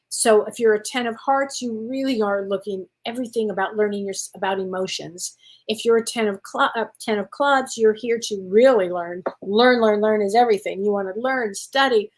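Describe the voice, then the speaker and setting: A woman hosting a live-stream show of psychic readings, chatty and rambling, calling viewers honey and sweetheart. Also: mid-range voice. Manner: rambling with frequent restarts and self-corrections. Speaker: psychic medium host.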